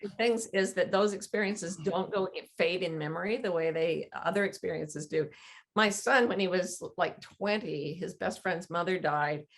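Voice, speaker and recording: A woman's voice: fairly low pitch, moderate pace. A middle-aged woman, a guest author, earnestly telling a personal story in conversation, acting out quoted dialogue.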